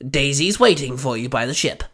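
A man's voice: mid-range voice, expressive, brisk, a bit bright. A man voicing a stern, commanding old male alien mentor who snaps back firmly. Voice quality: firm, snappish.

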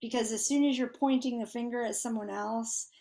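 A woman's voice: a little high, steady tone, a little fast, warm tone. Chatty woman hosting a faith podcast. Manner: chatty, many fillers and restarts. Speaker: podcast host. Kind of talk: casual faith conversation.

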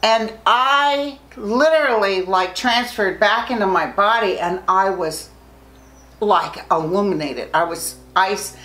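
A woman's voice: medium pitch, slow, low-quality recording. A woman, a psychic guest, telling a personal story in a casual interview and acting out the quotes as she goes. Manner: animated storyteller, acts out quotes.

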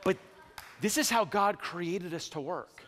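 A male pastor preaching a sermon in a church sanctuary, animated and conversational with quick restarts and jokes. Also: high-pitched, noisy background. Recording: long church hall reverb.

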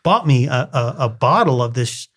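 A man's voice: mid-range voice, expressive, normal speed, a bit bright, slightly rough. A man co-hosting a casual book discussion, reading long passages from a novel and telling anecdotes. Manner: reads long passages, then tells anecdotes with laughter. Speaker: podcast co-host.

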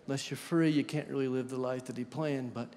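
A man's voice: medium pitch, fairly even intonation, fairly quick, a little mellow. A man giving a guest sermon in a church, talking conversationally and asking the congregation questions. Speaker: guest preacher. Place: church sanctuary. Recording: long church hall reverb.

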